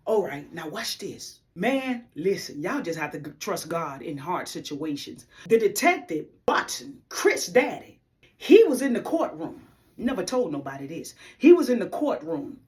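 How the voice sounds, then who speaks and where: A woman telling her faith testimony to viewers in a preacher-like way, stressing her points and speaking to the audience as y'all. She often drops to a hushed, near-whispered delivery. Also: fairly low pitch.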